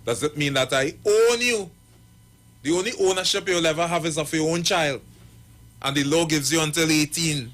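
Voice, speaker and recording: A pastor and marriage counselor, giving advice on radio and acting out the people in his stories. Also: fairly high pitch. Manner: animated storyteller acting out quoted voices. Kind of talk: radio talk, storytelling advice.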